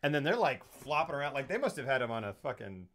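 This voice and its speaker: A man's voice: mid-range voice, sing-song, fast talker, a bit bright. A man co-hosting a podcast, animatedly retelling a film's plot in casual chat and swearing freely. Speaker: podcast co-host. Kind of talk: casual movie-recap chat.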